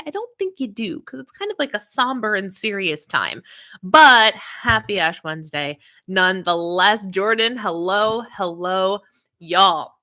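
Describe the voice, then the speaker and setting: A woman's voice: mid-range voice, sharp tone. A woman hosting a casual livestream, chatting and greeting viewers by name. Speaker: livestream host.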